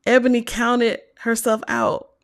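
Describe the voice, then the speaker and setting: A woman giving a tarot reading, talking slowly and softly with hums and whispered asides. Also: on the high side, little pitch movement, vocal fry. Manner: slow, soft, encouraging, with hums and whispered asides. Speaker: tarot reader.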